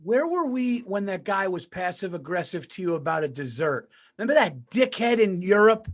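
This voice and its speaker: A man with a New York accent co-hosting a casual podcast. He tells animated anecdotes and laughs often. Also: sits high, moderate pace. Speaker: podcast co-host. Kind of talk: casual chat.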